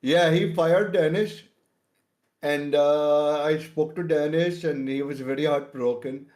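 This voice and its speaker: A man's voice: a little high, fairly even intonation, slow, a little mellow. A man streaming and chatting casually, laughing often as he tells stories.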